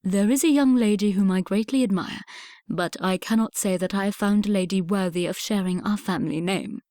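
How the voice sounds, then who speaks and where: A woman reading an audiobook, voicing a reserved young Regency gentleman who speaks in a measured, formal way. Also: medium pitch, no echo, studio quality, close to an everyday voice. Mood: guarded.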